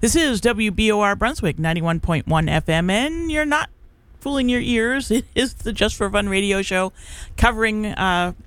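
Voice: mid-range voice, lively intonation, moderate pace, a bit bright, smooth, no room sound. A middle-aged college radio DJ chatting casually on air between songs, rambling with plenty of fillers and restarts. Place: radio studio.

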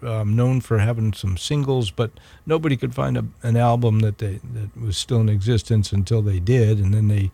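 Gravelly low-voiced college radio DJ. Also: male voice. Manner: relaxed, halting with many ums and restarts. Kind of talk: casual radio back-announcing.

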